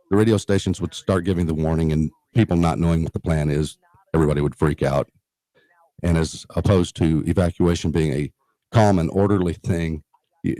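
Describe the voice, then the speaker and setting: An earnest man talks as a radio guest, his voice low and mellow. He explains at length, often pausing on fillers and restarting his sentences. The studio sound is close and dry. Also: dry recording. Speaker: radio guest from a neighborhood emergency preparedness group. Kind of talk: radio talk interview.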